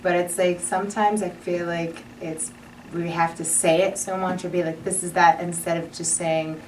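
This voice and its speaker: Low-voiced earnest woman on a panel. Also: level tone, moderate pace. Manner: earnest, restarts, quotes imagined dialogue. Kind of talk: panel discussion. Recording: distant mic, light noise.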